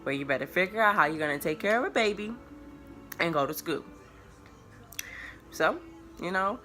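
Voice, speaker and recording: A woman in her early twenties telling viewers a personal story in a casual, rambling way, full of filler words and restarts. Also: deep voice. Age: early 20s. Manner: relaxed, confiding tone addressed to viewers.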